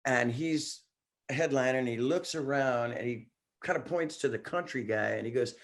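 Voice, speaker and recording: A man in his sixties, a singer guesting on a podcast, telling excited stories in casual chat and laughing often. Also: mid-range voice, moderate pace. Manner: excitable storyteller, laughs often, acts out quotes.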